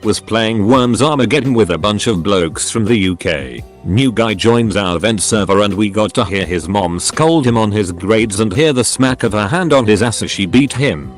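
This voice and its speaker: Low-voiced man reading stories aloud. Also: animated, moderate pace. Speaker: narrator reading online stories. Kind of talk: scripted narration. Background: faint background music.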